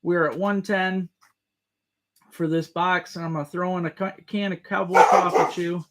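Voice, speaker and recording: Chuckling live-stream auction host, high voice. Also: male voice, steady tone, normal speed, heavy background noise. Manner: repeats bids, chuckles often, greets viewers by name. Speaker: livestream host running a tackle auction.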